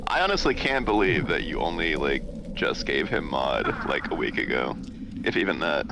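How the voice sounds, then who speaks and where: A young man co-hosting a gaming stream, trading crude, deadpan teasing jokes in casual banter. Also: a bass voice, normal speed, creaky, noisy background. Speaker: streamer co-host.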